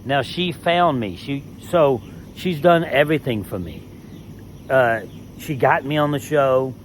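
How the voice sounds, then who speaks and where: A former reality show contestant telling a story in a heated, emphatic way, swearing freely. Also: male voice, medium pitch, unhurried, slight background noise. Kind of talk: casual storytelling rant.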